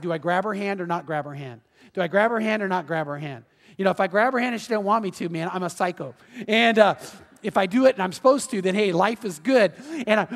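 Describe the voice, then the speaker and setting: High-voiced pastor in an echoing hall. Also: male voice. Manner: storytelling, acting out voices in anecdotes; earnest and heartfelt. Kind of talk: sermon. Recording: long reverb of a church hall.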